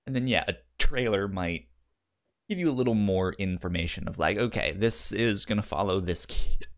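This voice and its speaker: A man co-hosting a casual podcast chat, stumbling through restarts and fillers, with the hiccups. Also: lowish voice. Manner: halting, many restarts and fillers. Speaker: podcast co-host.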